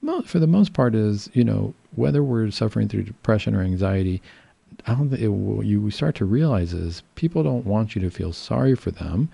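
A man speaking as a psychiatrist in a calm, reassuring, explanatory way. His voice is very dark and gravelly with a husky edge. The sound is dry and close. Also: on the low side, normal speed, no echo. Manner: calm, reassuring, explains patiently with fillers and restarts. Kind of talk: casual educational talk.

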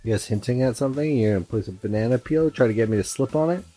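A man's voice: mid-range voice, rapid-fire, mellow, faint music behind. A man on a comedy podcast throwing out dry, sarcastic jabs at his friends. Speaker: podcast co-host. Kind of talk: casual comedic podcast banter.

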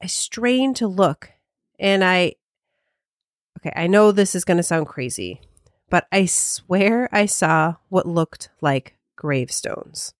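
A woman co-hosting a podcast who chats casually and then tells a spooky story in the first person. Her pitch jumps high when she gets animated. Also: takes it slowly, no room sound, studio quality. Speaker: podcast co-host. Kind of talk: casual chat and told ghost story.

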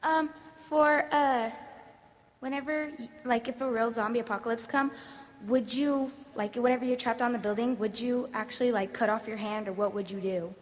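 A woman's voice: on the high side, fairly even intonation, normal speed. A woman, a fan at a convention, asking a question hesitantly with many fillers. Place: large convention hall. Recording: echoey hall, far from mic.

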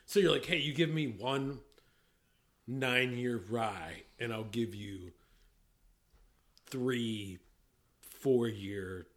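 Middle-aged man, average pitch, loose rambling talker who cuts himself off and laughs a lot; casual podcast co-host. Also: extremely slow, pauses often. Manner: rambling, self-interrupting, laughs easily. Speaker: podcast co-host, whiskey industry veteran. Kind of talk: casual chat.

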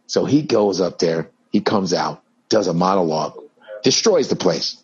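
Man, comedian, casual storytelling, animated, husky, lo-fi recording. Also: low voice, normal speed. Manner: animated storyteller, acts out voices. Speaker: comedian and impressionist, guest.

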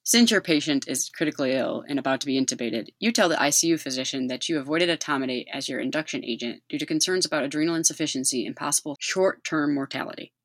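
Low-voiced fast-talking woman doctor. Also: no room sound. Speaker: guest emergency physician. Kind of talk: podcast interview.

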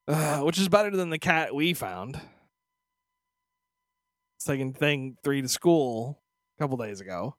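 A man telling stories on a podcast, his pitch swooping up and down as he gets into it. He swears freely and keeps dropping into little voiced asides, and the recording is dry and close. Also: moderate pace, long pauses, dry recording. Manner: profane, animated storytelling with voiced asides. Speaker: podcast co-host. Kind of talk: casual chat.

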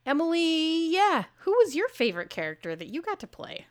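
A woman's voice: very high voice, wildly swooping pitch. A woman co-hosting a tabletop game podcast, chatting casually and playfully, laughing often and teasing her co-host. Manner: playful, giggly, quick to tease. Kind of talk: casual chat about past games.

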